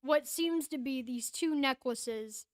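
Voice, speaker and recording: A woman's voice: sits high, takes it slowly. A woman narrating a tabletop game as game master, casual and rambling with fillers.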